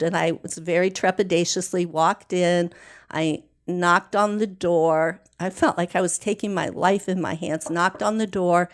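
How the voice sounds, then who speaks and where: A woman, a guest, telling a personal story slowly, deliberately and earnestly. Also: on the low side.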